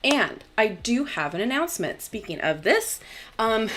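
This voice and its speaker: A woman's voice: a little high, sing-song, normal speed, fairly bright tone. Bubbly chatty woman hosting a live stream. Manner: chatty, bubbly, laughs often, many fillers. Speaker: tarot channel host. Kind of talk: casual live-stream chat.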